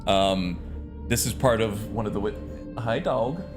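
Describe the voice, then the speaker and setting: A low-voiced man chats his way through a video game at home, loose and unhurried, trailing off into fillers as he thinks out loud. Background music sits clearly under his voice. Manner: relaxed, rambling with fillers. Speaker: streamer. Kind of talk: casual gameplay commentary. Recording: music playing behind.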